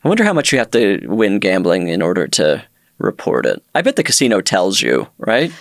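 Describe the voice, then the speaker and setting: Wry male podcast host, lively pitch. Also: brisk, vocal fry, no room sound. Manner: dry, wry humor. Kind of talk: casual chat.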